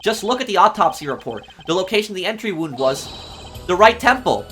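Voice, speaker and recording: A man's voice: sits high, big pitch swings, fairly quick, bright, forceful tone, slight background noise, heavily acted. A man voicing a nervous, stammering young male defense attorney in a game let's play. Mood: earnest.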